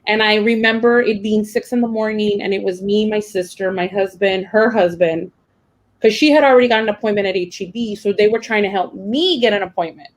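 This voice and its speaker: A woman's voice: medium pitch, fairly even intonation, brisk, poor audio. A young adult woman teacher, telling a personal story in a rambling, emotional way with many fillers and restarts. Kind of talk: casual personal account.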